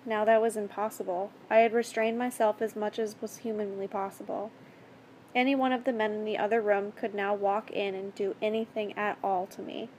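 A woman reading a first-person story aloud in a steady, earnest way. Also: medium pitch, moderate pace, slight background noise. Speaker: story reader.

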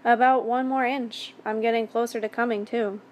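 A woman reading as a calm, domineering man. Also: fairly high pitch, a little hiss or hum, natural voice. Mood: cold commanding. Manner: calm, measured, commanding. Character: calm, domineering adult man, cold and commanding.

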